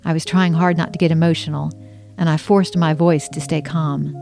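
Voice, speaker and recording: A woman's voice: sits low, level tone, moderate pace, gravelly, a little mellow, soft background music. Earnest woman reading her memoir. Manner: earnest, emotional first-person storytelling.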